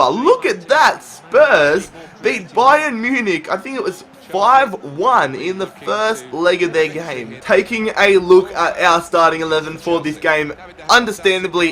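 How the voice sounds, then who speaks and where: Excitable young man calling a football game. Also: high voice. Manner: swings from calm analysis to shouting at big chances. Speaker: gaming YouTuber.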